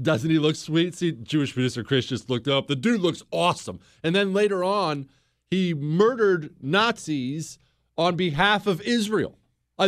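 A man hosting a history talk show, telling the story in a casual, animated way on a close studio mic. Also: a little high, dry recording. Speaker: host.

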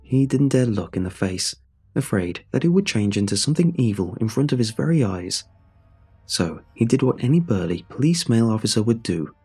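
A man narrating a true horror story in a measured, suspenseful way. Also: medium pitch, sing-song, dark tone, slightly rough, faint music behind.

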